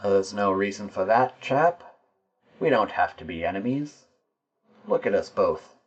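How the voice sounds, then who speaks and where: A coaxing, chummy investigator who leans on his cane and calls everyone chap, as a man plays him at the table. The voice sits low with a husky edge. The recording sounds dull and lo-fi. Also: animated, unhurried.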